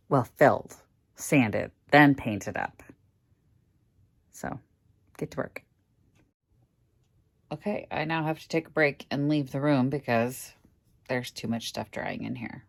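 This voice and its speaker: Low-voiced woman chatting through a furniture project. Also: slow, gravelly, pauses often. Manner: chatty, talks to camera while working, mutters when frustrated. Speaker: furniture flipper vlogger. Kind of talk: casual workshop vlog. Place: home workroom indoors.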